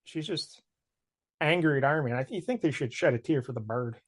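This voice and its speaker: A man's voice: medium pitch, fairly quick. A man co-hosting a podcast, casually recapping a comic book plot, laughing and slipping into mock voices for the characters. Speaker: podcast co-host.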